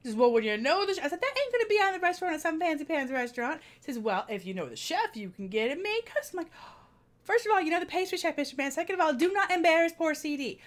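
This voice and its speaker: A chatty woman vlogger retells a dinner with friends, her voice rising and falling a great deal as she goes. She talks casually to her viewers in a relaxed, storytelling way. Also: extremely high pitch, quick pace. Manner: chatty, animated retelling with frequent laughs.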